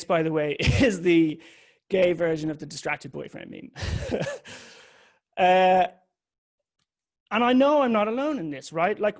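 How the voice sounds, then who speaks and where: A man giving a candid, confessional talk that mixes a personal story with occasional swearing. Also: high-pitched. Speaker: public speaker.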